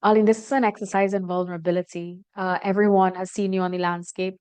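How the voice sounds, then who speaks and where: Woman interview host, smooth and clear, measured and encouraging. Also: fairly low pitch, flat delivery, darkish tone. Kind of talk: broadcast interview.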